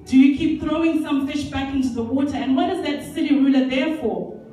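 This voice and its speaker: A man's voice: very high voice, fairly quick, dark tone. A woman doing an exasperated fisherman friend. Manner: exasperated questioning. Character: frustrated male fisherman, impatient friend. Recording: echoey hall from far off, faint music.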